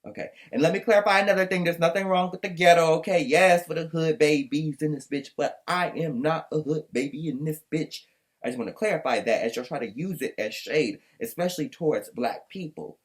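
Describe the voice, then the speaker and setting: A man hosting a casual recap podcast, ranting in a sassy, profane, exasperated way. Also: on the high side. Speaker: podcast host recapping a reunion. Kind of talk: casual commentary with clips.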